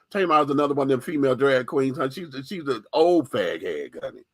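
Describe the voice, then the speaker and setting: A man's voice: medium pitch, animated, fast, husky, no echo. A man hosting a radio show, giving a candid, profane, sassy opinion monologue with lots of emphasis.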